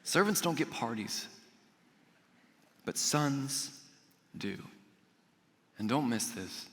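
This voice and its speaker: A man preaching a sermon, telling a personal story in an animated way, acting out the voices he quotes and adding jokey asides. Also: mid-range voice, takes it slowly, in a large hall, slight background noise. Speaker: pastor. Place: church auditorium.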